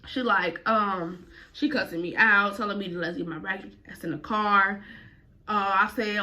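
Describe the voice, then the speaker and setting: A woman's voice: mid-range voice, fairly even intonation, normal speed, sharp tone. A woman vlogger telling a personal story casually, full of slang and cursing. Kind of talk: storytime vlog.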